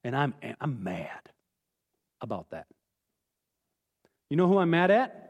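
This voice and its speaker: Brief: male pastor, high animated delivery, earnest and blunt, echoey sanctuary. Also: takes it slowly. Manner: earnest, candid, emphatic, with sudden drops to quiet. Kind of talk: sermon. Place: church sanctuary.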